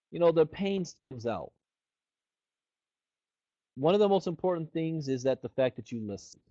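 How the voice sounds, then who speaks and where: A man's voice: medium pitch, no echo. A middle-aged man giving a motivational network marketing training, telling stories and acting out the people he quotes. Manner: animated storyteller who acts out the quoted people. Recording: dull, dry lo-fi recording.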